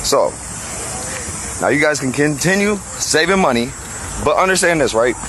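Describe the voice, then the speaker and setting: A man's voice: fairly high pitch, animated, moderate pace, a bit bright, slight background noise, poor audio. A man talking outdoors on a roof as a roofing contractor, blunt and heated, cursing freely in a casual vlog. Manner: blunt, heated, swears a lot. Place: outdoors on and near a house roof.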